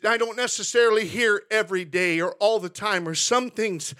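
A middle-aged pastor preaches a sermon in church, emotional and increasingly fervent, often repeating phrases. His voice sits high, bright and forceful, at a moderate pace.

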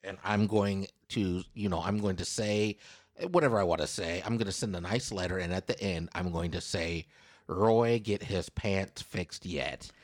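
A man's voice: sits low, steady tone, moderate pace, no room sound, studio quality. A man co-hosting a casual podcast, reading out a news story in a playful, teasing way and raising his voice for quotes. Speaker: podcast co-host.

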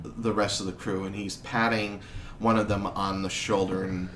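A man's voice: low-pitched, flat delivery, moderate pace, fairly bright tone, slight background noise. A man narrating a tabletop game as game master, telling the scene with vivid expression. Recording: roomy echo.

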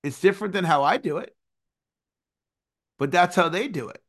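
Guy in his 40s, high-ish voice, earnest coach teaching a lesson, gets animated. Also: moderate pace. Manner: earnest, animated, sings phrases. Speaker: success coach. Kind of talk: motivational teaching talk.

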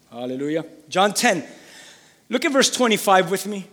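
Fervent high-voiced male preacher, echoing hall. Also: sing-song, unhurried. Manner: fervent, repeats phrases for emphasis, builds to shouting. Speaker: pastor. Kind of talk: sermon.

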